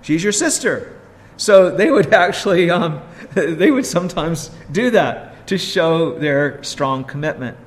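A man preaching a sermon, slow and earnest, stressing points with rhetorical questions. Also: on the high side, lively intonation. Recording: long hall reverb.

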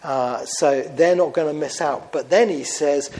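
Man preaching an earnest sermon, teaching style, asks the congregation questions, pauses on fillers. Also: on the high side, darkish tone, poor audio.

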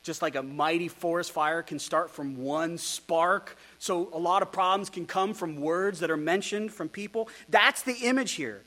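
A male pastor preaching an expository sermon, animated and rhetorical, with ironic asides to his congregation. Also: fairly high pitch, normal speed, few pauses.

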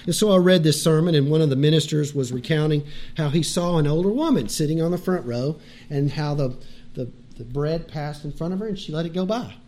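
Male pastor, earnest exhorting sermon delivery, slightly higher voice. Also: fairly quick. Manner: earnest, exhorting, shifts between loud and hushed.

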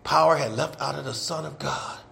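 A man preaching a sermon, repeating his phrases for emphasis and moving between soft asides and loud, shouted points. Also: fairly high pitch, fairly quick, creaky, a little hiss or hum.

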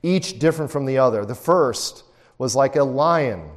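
A man leads a Bible study in a relaxed, conversational way, speaking at a middle pitch and normal speed. He often turns to his listeners with rhetorical questions, and his voice carries the long reverb of a large room.

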